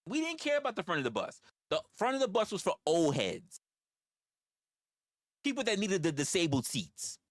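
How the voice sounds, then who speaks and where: A man's voice: high-pitched, wildly swooping pitch, normal speed, no echo. Profane New man ranting on a stream. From New York. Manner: profane, rambling storytelling. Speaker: livestream host. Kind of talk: casual livestream rant.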